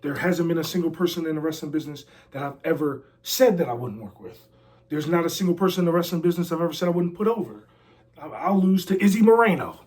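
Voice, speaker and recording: A man's voice: on the high side, animated, fast, darkish tone. A man talking casually in an interview, brash and boastful with lots of slang and trash talk. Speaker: interview guest, former pro wrestler. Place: a house.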